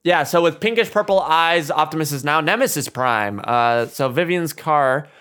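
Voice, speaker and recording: A man's voice: on the high side, moderate pace, a bit bright, clear, resonant tone. A man hosting a casual movie discussion, reading through his notes with frequent chuckles. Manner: reads from notes, chuckles often.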